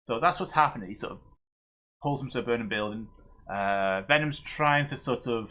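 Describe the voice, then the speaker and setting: A man's voice: mid-range voice, moderate pace, sharp tone. A man casually recapping comics as the host of a streamed review show, rambling with many fillers and restarts.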